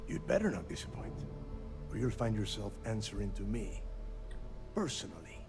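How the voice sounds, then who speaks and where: A hard-bitten pirate fleet boss in a game, his voice rough and gravelly and rising and falling sharply as he lays down the rules. He speaks slowly and with menace, with game music clearly audible behind him. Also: fairly low pitch, very animated. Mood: menacing. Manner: commanding, threatening, slow deliberate warnings. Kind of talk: video game dialogue.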